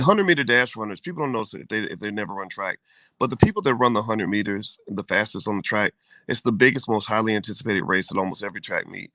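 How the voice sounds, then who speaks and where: Gravelly bright-voiced man co-hosting podcast. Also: on the low side, no room sound. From United States. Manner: loose, rambling, swears casually. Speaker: co-host. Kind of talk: casual podcast chat.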